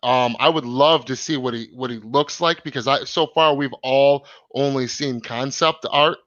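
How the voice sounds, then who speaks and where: A man's voice: mid-range voice, normal speed, a bit bright, no echo, dull audio. Rambling man hosting a live stream. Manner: rambling, many fillers and restarts. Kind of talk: casual chat reading comments.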